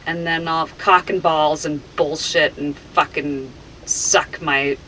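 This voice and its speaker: A woman, a hypnosis volunteer, reacting unscripted, bewildered and embarrassed, her voice swinging between loud and hushed. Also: deep voice, fairly even intonation, slow pace, slight background noise, rough recording.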